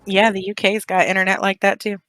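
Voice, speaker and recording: A woman's voice: mid-range voice, level tone, fairly quick, a bit bright, no room sound, poor audio. A woman in casual, teasing chat with friends over a voice call before a tabletop game. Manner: laughing, teasing, swears freely. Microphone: home setup over a voice call.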